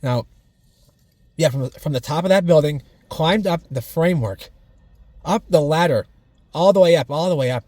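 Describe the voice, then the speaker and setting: A man's voice: fairly high pitch, darkish tone, dry recording. A man from Minnesota, vlogging outdoors near old mill buildings, chatty and rambling, repeating his own phrases in a folksy way. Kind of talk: casual walking vlog.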